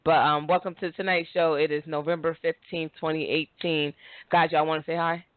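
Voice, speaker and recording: Woman, podcast host, casual chat, animated storyteller, laughs a lot, phone-like sound, dry. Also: deep voice, a little fast, dry recording. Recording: tinny phone-like line, dry.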